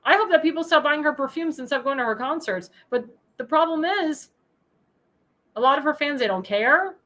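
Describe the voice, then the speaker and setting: A woman hosting a political talk show, ranting in a heated monologue full of insults and bursting into angry shouts. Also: high-pitched, expressive, normal speed, rough recording. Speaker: host.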